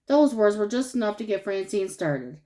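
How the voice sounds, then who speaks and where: A woman narrating a children's storybook aloud. Her voice sits at an average pitch, and her reading is expressive and animated. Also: normal speed, poor audio. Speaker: storybook reader.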